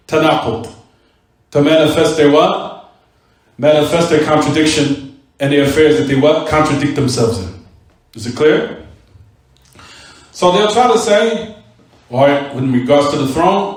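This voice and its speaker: A man's voice: fairly high pitch, normal speed, long pauses. A man teaching a mosque class, who keeps asking his students "what?" and repeats key words for stress. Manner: rhetorical questions to students, "what?" prompts. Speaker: religious teacher. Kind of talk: recorded Islamic class lecture. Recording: very echoey room, voice from far off.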